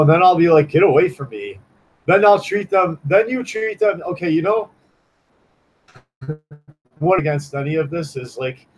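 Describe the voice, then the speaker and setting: Male streamer, a touch high-pitched; loose, profane, halting chatter over faint room noise. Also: poor audio. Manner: rambling, profane, with many restarts and fillers. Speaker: livestreaming comic artist. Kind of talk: casual livestream chat.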